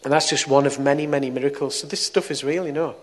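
A middle-aged man preaches to a gathering. He tells a personal story, and his voice moves between quiet, confiding passages and sudden loud bursts. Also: on the high side, fairly even intonation, fast. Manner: storytelling, swings from soft to loud. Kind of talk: testimony sermon.

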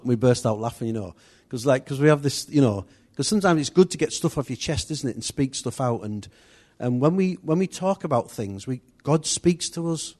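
A man leads a church group in a loose, conversational teaching style. His voice is mellow and warm, and he rambles with asides and restarts as he gives instructions. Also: mid-range voice, expressive, fairly quick, hardly any pauses. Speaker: church leader.

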